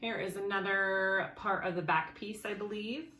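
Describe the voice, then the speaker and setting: A bright-voiced woman walks through a sewing project in an easygoing, chatty way, thinking aloud and correcting herself as she checks her pieces. Her voice carries a noticeable room echo, with a faint hiss of noise behind it. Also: mid-range voice, moderate pace. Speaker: sewing tutorial host. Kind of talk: casual sewing tutorial.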